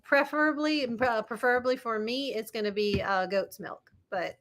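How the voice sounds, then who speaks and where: A woman in her thirties co-hosting a casual live chat, telling stories in a relaxed, unhurried way. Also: fairly high pitch. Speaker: livestream co-host.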